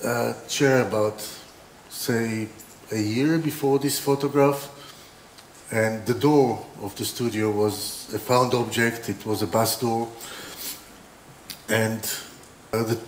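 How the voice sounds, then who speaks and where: A man's voice: medium pitch, fairly even intonation, slow, slight background noise. A man giving an informal opening talk as a designer, telling rambling anecdotes with restarts and dry humor. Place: exhibition hall. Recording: roomy hall with faint ambience.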